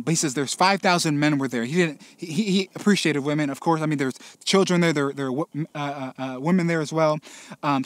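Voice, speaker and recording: High-pitched guy preaching casual, acting out the story with voices, dry close mic. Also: no echo. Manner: animated storytelling, acts out characters with playful voices. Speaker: pastor. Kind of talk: casual sermon teaching. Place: church gathering space.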